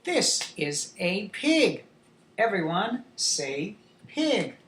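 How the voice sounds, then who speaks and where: A woman teaching a beginners' English lesson to young children, slow and clear, with playful animal sounds. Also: medium pitch, big pitch swings, a little hiss or hum. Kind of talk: demo lesson for young learners. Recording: echoey room.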